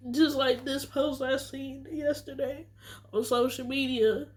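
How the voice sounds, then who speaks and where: A woman's voice: high-pitched, fairly even intonation, measured pace, darkish tone. Teary, earnest woman vlogger. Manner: earnest, emotional, repeats herself for emphasis. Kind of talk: casual vlog monologue.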